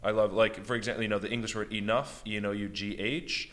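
A man's voice: lowish voice, fairly even intonation, fast talker, a bit bright. An American man chatting enthusiastically as an interview guest, with lots of "like" and "you know". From United States. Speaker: beatboxer and guest. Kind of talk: casual interview chat.

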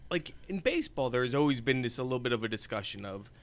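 A man's voice: medium pitch, lively intonation, fast. An American man co-hosting a podcast in casual chat, rambling, restarting and trailing off mid-thought. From United States. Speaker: podcast co-host.

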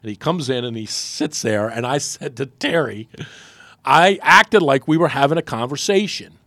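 A man's voice: normal speed, dry recording. A man, a radio host, telling a story in casual chat and acting out the quotes. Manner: animated storyteller, acts out quotes with big pitch jumps.

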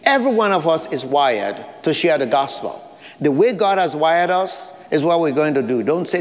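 A man's voice: a little high, big pitch swings, moderate pace, long reverb tail. A man with an African accent, preaching a sermon as pastor, earnest, with short repeated phrases and light asides. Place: church sanctuary.

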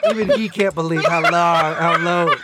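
A man's voice: fairly high pitch, normal speed, very noisy. A middle-aged man co-hosting a comedy podcast, telling rambling, profane stories in casual chat. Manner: animated, swearing, rambling storyteller. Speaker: podcast co-host.

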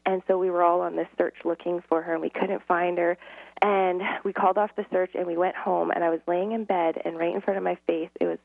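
The guest is a middle-aged woman with a creaky, low-leaning voice, talking a little fast with little pitch movement. She tells stories earnestly in a casual interview, acting out dialogue and laughing often, over a dry, tinny phone line.

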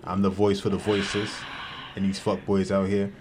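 A man's voice: deep voice, monotone, a little fast, noisy background. A young adult man co-hosting a podcast in casual chat, tossing out crude one-liners. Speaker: podcast co-host.

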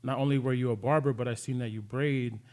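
A man's voice: mid-range voice, steady tone, quick pace, darkish tone. A man co-hosting a podcast, joking around in slangy, casual talk. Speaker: podcast co-host. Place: podcast studio.

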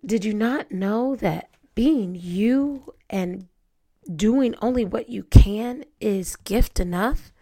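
A woman's voice: mid-range voice, slow, warm tone. A woman hosting a solo podcast, talking earnestly and asking her listeners rhetorical questions, often repeating words as she goes. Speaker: podcast host. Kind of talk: reflective solo podcast talk.

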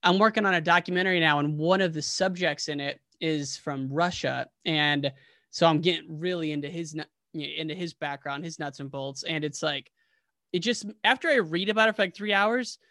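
A man hosting a podcast, chatting and asking questions in a relaxed, conversational way. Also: fairly high pitch, normal speed, no room sound, studio quality. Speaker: podcast host. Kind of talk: casual interview.

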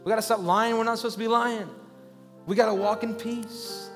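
A man preaching a sermon as a pastor, talking conversationally and rising into loud, urgent pleas. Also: high voice, steady tone, a little fast, big-room sound, faint music behind.

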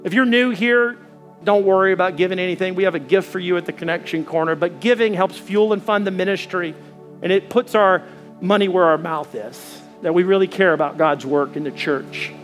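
A man preaching a sermon in a church as pastor, telling a story with lively acted-out dialogue. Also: sits high, fairly quick, soft background music. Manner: animated storytelling, acting out dialogue.

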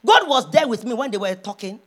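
A pastor's wife preaching a sermon, moving from hushed storytelling to loud, impassioned calls. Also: female voice, on the high side, sing-song, a little fast.

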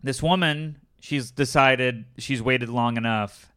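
Man telling a story in casual chat, smooth voice. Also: mid-range voice, slow pace. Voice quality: animated storyteller, acts out quotes in raised voices.

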